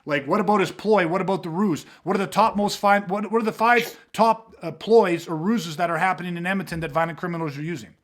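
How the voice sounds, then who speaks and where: This fast-talking man, somewhat high in pitch, teaches self-defense and wanders through his stories on a relaxed podcast, barely pausing. He curses a lot and keeps saying things like "you know what I mean."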